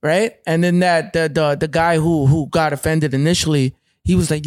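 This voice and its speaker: A man from Canada telling a wild story in casual, profane chat, animated and acting out other people's voices. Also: on the high side, normal speed, no room sound, clean studio sound.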